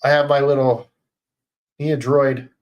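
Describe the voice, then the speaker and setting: A man chatting casually on a livestream into a headset mic, rambling, swearing often and filling pauses with "uh". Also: mid-range voice, flat delivery, dull audio. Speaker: streamer.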